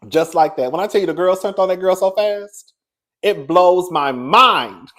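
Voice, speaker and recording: At a moderate pace, a male voice chats through celebrity gossip with plenty of sass, calling his audience "girl." He drops into low murmurs, then bursts out high and excited.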